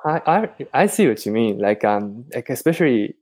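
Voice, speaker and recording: A man talks casually as a podcast guest, his voice sitting at a middle pitch. He stops and restarts often, filling gaps with ums. The recording is close and dry, with no room sound. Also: very animated, normal speed, a little mellow, no echo. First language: Japanese. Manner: hesitant, many ums and restarts. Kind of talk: casual interview chat.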